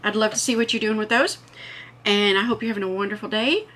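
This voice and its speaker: A woman's voice: mid-range voice, fast talker, a bit bright. A woman hosting a casual home vlog, chatting enthusiastically and gushing over what she shows. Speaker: vlog host.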